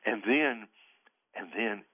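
A male pastor and author, a guest on a radio show, speaking earnestly with emphatic, drawn-out stresses. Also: lowish voice, narrow, tinny audio. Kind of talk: radio interview, preaching tone.

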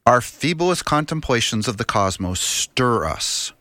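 A man doing an impression of a famous astronomer, reciting in a slow, solemn, reverent way in a radio studio. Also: medium pitch, very animated, bright, forceful tone, no echo. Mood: awed. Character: impression of a famous male astronomer, awed and hushed.

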